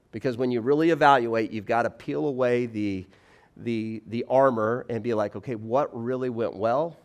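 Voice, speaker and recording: A man in his forties giving a chapel talk to students in an animated, conversational way, acting out little scenes as he goes. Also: mid-range voice. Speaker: campus speaker.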